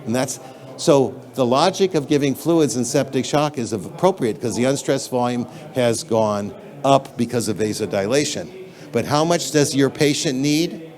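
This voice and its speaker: A man's voice: mid-range voice, moderate pace, darkish tone. A man giving a conference lecture in a lecture hall, talking in an emphatic, blunt and conversational way, addressing the audience directly.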